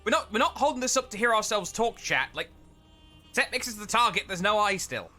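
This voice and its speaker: High, lively, bright-voiced man. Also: faint music behind. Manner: quick, animated, laughs often. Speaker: caster. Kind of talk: casual stream banter.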